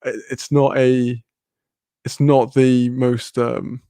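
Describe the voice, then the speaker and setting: A man from Wales with a Welsh accent, hosting a livestream and chatting casually through viewer comments, relaxed, laughing and swearing freely. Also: mid-range voice, slow, gravelly, no room sound, clean studio sound. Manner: laid-back, swears freely, laughs often. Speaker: livestream host.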